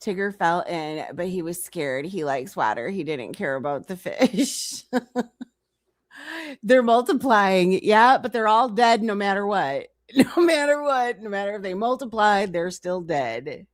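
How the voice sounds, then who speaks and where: A woman's voice: mid-range voice, expressive, a little slow, no room sound, studio quality. A woman streamer giving reaction commentary on a clip, incredulous and teasing as she talks back to it.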